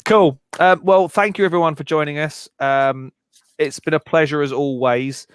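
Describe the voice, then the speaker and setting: A middle-aged man co-hosting a live music Q&A stream, joking around and talking in quick bursts with restarts. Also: fairly high pitch, fairly even intonation, smooth, no echo, studio quality. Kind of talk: casual live-stream chat.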